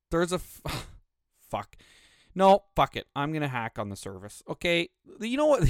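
A man's voice: medium pitch, a bit bright, no room sound, clean studio sound. A man hosting a podcast, ranting with heavy swearing and heated outbursts. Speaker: podcast host. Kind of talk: solo podcast rant.

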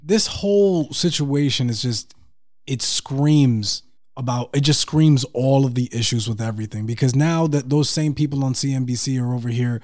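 A man's voice: mid-range voice, normal speed, darkish tone. Earnest man building a point on a podcast. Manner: earnest, restarts sentences while building a point. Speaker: podcast co-host. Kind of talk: casual podcast chat.

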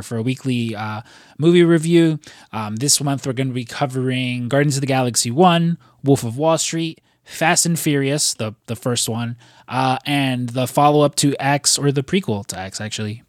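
A man's voice: mid-range voice, no echo, studio quality. A man co-hosting a casual podcast, talking in a rambling way with lots of fillers and casual swearing. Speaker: podcast co-host.

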